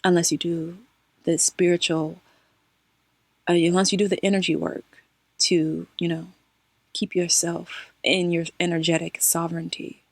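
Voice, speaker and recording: Expressive woman telling a spiritual story. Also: fairly low pitch, measured pace, no room sound. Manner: expressive, addresses listeners as y'all, laughs often. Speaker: spiritual channel host. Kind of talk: casual personal storytelling.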